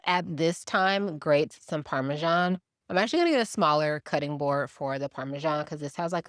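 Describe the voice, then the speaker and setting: Woman, young adult, from Milwaukee, animated cooking vlogger, fairly low voice, dry recording. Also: dry recording. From Milwaukee, Wisconsin, USA. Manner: chatty, animated, talks to viewers while cooking, laughs often. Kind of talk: casual chatty cooking vlog. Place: home kitchen.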